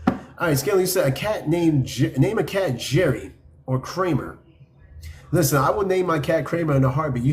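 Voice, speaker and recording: A man's voice: fairly high pitch, darkish tone. A man hosting a podcast, reading a list aloud and mocking it in blunt, profane casual talk. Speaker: podcast host.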